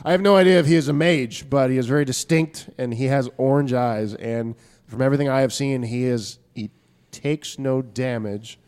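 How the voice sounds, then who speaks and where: A man at a tabletop game speaks in character as a formal adventurer, making a careful report. His voice sits in a middle pitch. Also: normal speed, a little mellow, smooth. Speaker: player.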